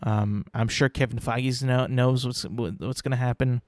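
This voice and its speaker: A man's voice: mid-range voice, fairly even intonation, normal speed, dry recording, studio quality. A young man hosting his own podcast, talking casually alone, rambling and repeating words, swearing now and then. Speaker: podcast host. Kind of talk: casual solo commentary.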